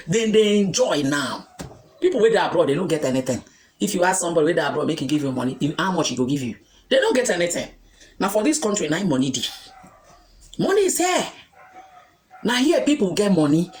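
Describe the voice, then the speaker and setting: A woman with a Nigerian accent giving an emphatic opinion to her followers, repeating her points and firing rhetorical questions. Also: fairly low pitch. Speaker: vlogger reacting to news. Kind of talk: opinionated commentary in Pidgin and Igbo.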